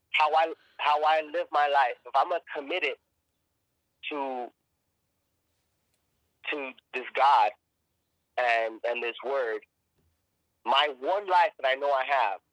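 A man tells his story in a casual podcast chat, pressing hard on his words and swearing freely. His voice is bright and forceful, and he keeps repeating himself as he finds his way. The sound is dry and close, with no room around it. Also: mid-range voice, no room sound, rough recording. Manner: emphatic, profane, repeats and restarts words. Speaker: actor and podcast guest.

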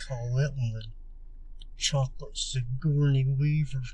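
A man's voice: medium pitch, fairly even intonation, measured pace, mellow. A man co-hosting a podcast, goofing around in casual chat and riffing on silly made-up names. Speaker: podcast co-host.

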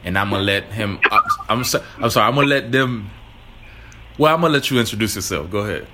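A man hosting a casual podcast chat, with a fairly low voice that still rings bright and forceful. He speaks in a relaxed, candid, talkative way. Faint background noise sits under his voice. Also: fast talker. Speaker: podcast co-host.

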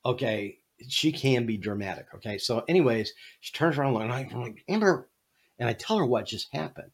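A man hosting a podcast, telling a funny story in an animated, jokey way. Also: mid-range voice, a little fast, slightly rough. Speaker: podcast host. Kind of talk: casual storytelling.

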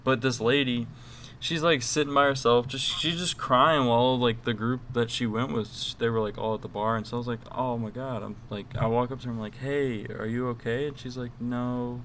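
A man's voice: medium pitch, steady tone, brisk, a bit bright, a little hiss or hum. A young man co-hosting a podcast, rambling through crude, joking stories with lots of fillers. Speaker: podcast co-host. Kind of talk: casual chat.

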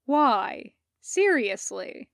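In a fanfiction audiobook, a rowdy young male ninja yells and needles his friend in a high, punchy voice, as a woman reader puts him on. He sounds loud, cocky and incredulous, and the close recording has very little room sound. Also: big pitch swings, drawn-out words, gravelly, dry recording, full character voice. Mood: loud teasing. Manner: shouty, incredulous, teasing.

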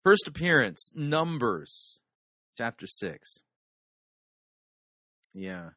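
A man's voice: mid-range voice, very animated, very slow, bright, forceful tone, dry recording, clean studio sound. Wisecracking man critiquing a sermon. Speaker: sermon review host. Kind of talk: critical commentary on a sermon clip.

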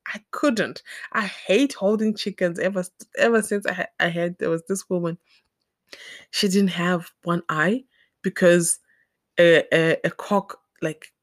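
A woman in her thirties from Zimbabwe, hosting a podcast and telling personal stories in a casual, animated way, laughing often. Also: no room sound, clean studio sound. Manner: animated, laughs often, acts out scenes with pitch jumps. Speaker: podcast host. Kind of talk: casual storytelling monologue.

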